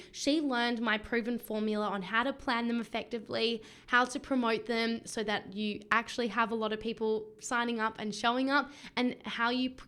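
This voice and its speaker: A woman's voice: fairly high pitch, a bit bright. An Australian woman in her late twenties or thirties hosting a coaching podcast, talking in a gushing, enthusiastic way. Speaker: podcast host and business coach. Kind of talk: podcast monologue.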